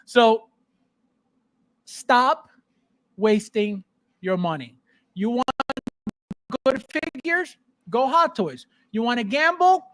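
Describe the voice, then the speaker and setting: A man hosting a casual podcast, ranting in a mocking, animated way. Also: very high-pitched, slow, long pauses. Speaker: podcast host.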